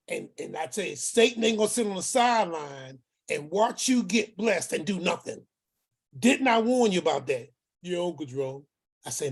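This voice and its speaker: Husky man telling a story with emphatic repetition. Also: on the high side, animated, moderate pace. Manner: acts out the voices in his story, repeats words for emphasis. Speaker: uncle telling a family story. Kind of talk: storytelling talk.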